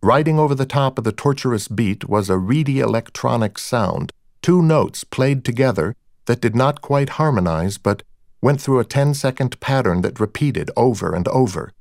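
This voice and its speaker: A man narrating a first-person audiobook in a measured, wry storytelling manner. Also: medium pitch, lively intonation, gravelly, a little mellow, no echo, studio quality.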